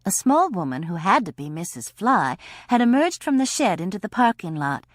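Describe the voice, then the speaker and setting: A woman narrating an audiobook in a wry, expressive way. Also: mid-range voice, normal speed, no room sound, clean studio sound. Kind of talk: scripted narration.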